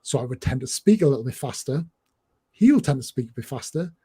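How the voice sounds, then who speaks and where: A man's voice: medium pitch, very animated, brisk, warm tone, slightly rough. A man from northeast England with a northeast English accent, hosting a casual livestream chat and rambling along with lots of fillers and restarts. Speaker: host.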